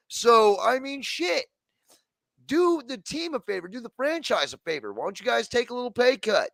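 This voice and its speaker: A man's voice: very high voice, sing-song, moderate pace, vocal fry, a bit bright, no echo. A man co-hosting a sports talk show, ranting bluntly and swearing. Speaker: co-host. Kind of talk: heated sports rant.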